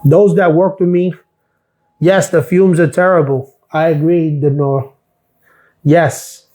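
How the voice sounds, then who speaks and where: Middle-aged guy on a live stream, fairly high voice, blunt sarcastic rant, swears a lot. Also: steady tone, slow pace, warm tone. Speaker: live stream host, former mail carrier. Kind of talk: casual ranting live stream.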